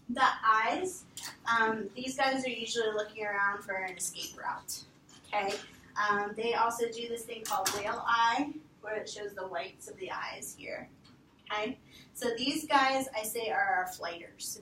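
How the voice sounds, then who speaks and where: A veterinary behavior instructor gives a training talk to volunteers about dog behavior, animated and lively as she acts out dogs' thoughts in quotes. Her voice is mid-range, with background noise, and the recording sounds roomy and distant with faint ambience.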